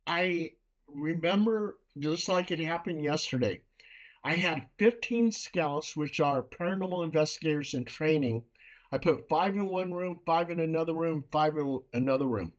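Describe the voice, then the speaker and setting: A male paranormal investigator telling a story in casual talk, animated and swearing freely. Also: on the high side, dull audio.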